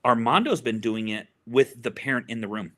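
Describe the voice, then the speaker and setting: A man's voice: medium pitch, brisk, sharp tone. A middle-aged man, a family therapist, telling an earnest story in an interview and often repeating words while he searches for them.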